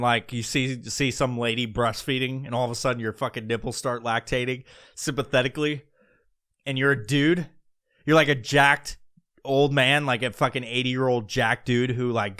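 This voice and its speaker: A man's voice: mid-range voice, a bit bright, smooth. A man doing a profane, rambling comedic rant as a podcast host.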